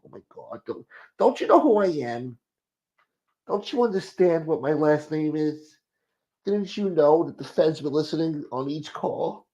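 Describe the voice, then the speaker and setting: A man's voice: fairly high pitch, animated, measured pace, mellow. A man voicing a naive, whiny middle-aged woman from a mob family, in a melodramatic tone. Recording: muffled lo-fi audio.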